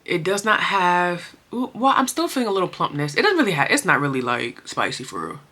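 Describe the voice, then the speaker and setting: A woman's voice: on the low side, big pitch swings, fairly quick, bright, forceful tone. A young woman chatting expressively through her makeup routine, full of slang and emotion, as a beauty vlogger. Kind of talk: casual chatty makeup tutorial.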